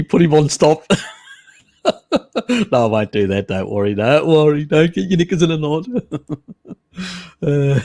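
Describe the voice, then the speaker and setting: A man hosts a casual live stream, bantering with the chat. He teases, jokes and breaks into laughter often. His voice sits a little high for a man. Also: vocal fry, darkish tone. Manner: laughs often, teasing and cheeky.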